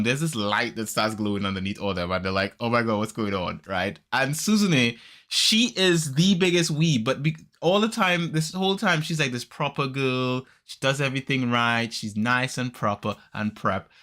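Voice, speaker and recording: A podcast host chatting casually, retelling a story in an animated way and acting out the characters. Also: male voice, mid-range voice, normal speed. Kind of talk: casual chat.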